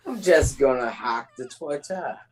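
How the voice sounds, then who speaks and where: A man's voice: medium pitch, lively intonation, measured pace, pitched above the performer's own voice, lightly acted. A man putting on a shaky British accent as a bumbling male hacker. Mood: playful. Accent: put-on British.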